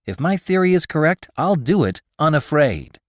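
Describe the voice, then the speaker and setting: A man's voice: a little high, moderate pace, dry recording, studio quality, pitched above the performer's own voice. Click Hathaway, a man doing a jittery photographer. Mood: urgent. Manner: jittery and excitable. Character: small, nervous male space photographer.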